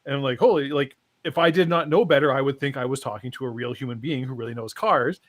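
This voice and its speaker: A man's voice: medium pitch, fast. A middle-aged man co-hosting a casual chat show, telling rambling stories and laughing often. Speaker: co-host.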